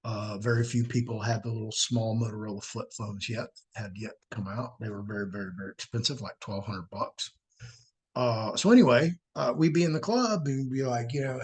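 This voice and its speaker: A man's voice: medium pitch, moderate pace, slightly rough. A middle-aged man, host of his own show, telling a personal story casually and acting out the quotes in a raised voice. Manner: animated, acts out quotes in a raised voice.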